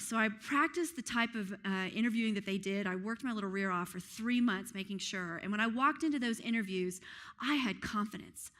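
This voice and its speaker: A woman's voice: mid-range voice, fairly bright tone. A woman from the United States giving an upbeat, enthusiastic TED-style talk on a conference stage, with self-deprecating humor. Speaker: keynote speaker. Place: conference stage before an audience.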